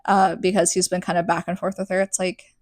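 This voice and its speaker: A woman's voice: fairly low pitch, flat delivery, brisk, darkish tone, no echo. A young adult woman hosting a podcast, recapping a book in a chatty, sarcastic way full of "like". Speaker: podcast host.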